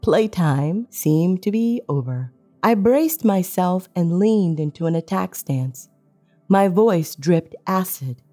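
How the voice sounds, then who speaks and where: Woman, audiobook narrator, low, mellow, dramatic storytelling, faint music behind. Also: animated, takes it slowly. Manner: tense, dramatic first-person storytelling.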